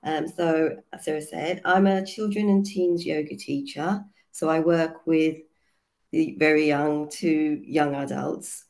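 A woman with a cold and a hoarse voice, a children's yoga teacher explaining her book chapter in an earnest way, with many fillers. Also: deep voice, steady tone, a little slow, darkish tone. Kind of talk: casual online panel talk.

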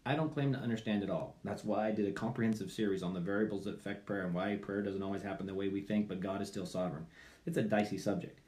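A man pastor preaching a sermon, animated and acting out the people in his story with loud pleading cries and quiet muttered asides. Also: lowish voice, fast.

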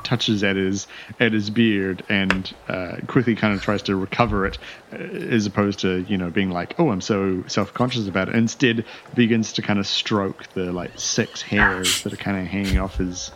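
Low-voiced rambling game master man. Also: steady tone, moderate pace, background noise. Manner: rambling, loose, full of fillers. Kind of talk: narrating a tabletop game.

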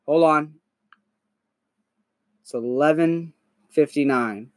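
A young man hosting a podcast in a casual, crude, animated storytelling manner. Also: on the high side, measured pace, no echo. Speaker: podcast host.

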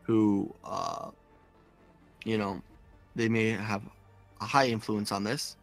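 A man co-hosting a podcast, reading listener comments aloud in a casual, halting way. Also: lowish voice, fairly even intonation, vocal fry, soft background music. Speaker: podcast co-host. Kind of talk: casual chat.

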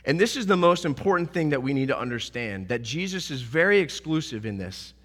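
Bright, animated male preacher in a reverberant hall. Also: mid-range voice, brisk. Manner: earnest, animated preaching with acted-out quotes. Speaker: pastor. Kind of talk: sermon.

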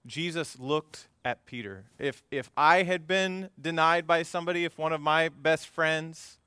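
Bright, clear-voiced man preaching. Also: a little high, a little slow, dry recording. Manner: lively storytelling with asides to the congregation. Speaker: pastor. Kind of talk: conversational sermon. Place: church service before a congregation.

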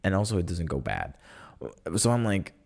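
Man, deep pitch, podcast host, casual, rambling, sarcastic, lots of filler words. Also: big pitch swings, normal speed, gravelly, a little mellow. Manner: chatty and rambling, full of "like" and self-corrections; wry and sarcastic. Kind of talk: casual solo storytelling.

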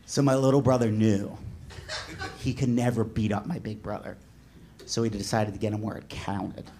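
A man in his forties doing a stand-up comedy set, telling a story in an animated way and shouting when he voices characters. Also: on the low side, moderate pace, a little hiss or hum. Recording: live club with audience laughter. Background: audience laughing.

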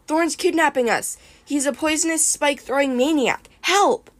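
A woman's voice: fairly high pitch, expressive, unhurried, dry recording. A woman reading aloud and voicing a wry, desperate teenage boy hero calling for help.

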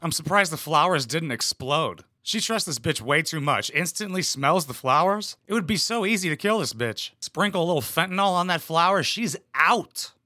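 A young man riffing over a reality show clip, dropping crude jokes in a deadpan, sarcastic tone. His voice is bright and forceful, a little high for a man, and the sound is dry and close. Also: moderate pace, few pauses, dry recording. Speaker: reaction commentator.

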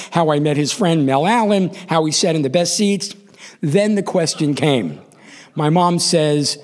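A man in his sixties from New York, hosting a live storytelling show and acting out the voices in his own story. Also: fairly high pitch. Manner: animated, acts out quoted voices.

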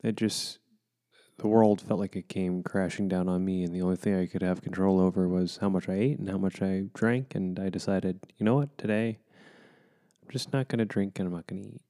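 A man speaking softly and haltingly about a hard time, emotionally drained, in a candid personal conversation. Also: low voice, steady tone. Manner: soft-spoken, halting, with many pauses and restarts. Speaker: co-host.

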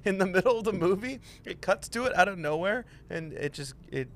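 A man's voice: high voice, animated, fairly quick, few pauses. A man co-hosting a casual sports podcast, talking in a laid-back, rambling way with many fillers. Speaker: podcast co-host.

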